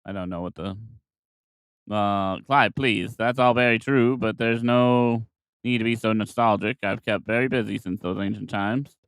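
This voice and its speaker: A man's voice: on the low side, fairly even intonation, normal speed, a bit bright, smooth, no room sound. A man reading game dialogue aloud during a playthrough, shifting between character voices.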